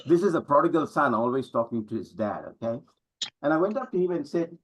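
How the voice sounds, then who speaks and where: Husky-voiced middle-aged male motivational coach. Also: fairly high pitch, lively intonation, fast talker, poor audio. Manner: emphatic, preacher-like, with rhetorical questions. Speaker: business coach and speaker. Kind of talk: motivational talk to an audience.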